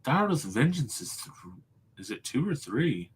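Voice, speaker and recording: A man's voice: mid-range voice, big pitch swings, normal speed, breathy edge. A man co-hosting a casual movie chat, easygoing and agreeable, saying "dude" and "yeah" a lot. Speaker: podcast co-host.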